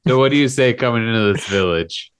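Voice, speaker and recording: A man's voice: mid-range voice, fast, clear, resonant tone, no room sound. A man narrating as game master of a tabletop game, laughing often between lines.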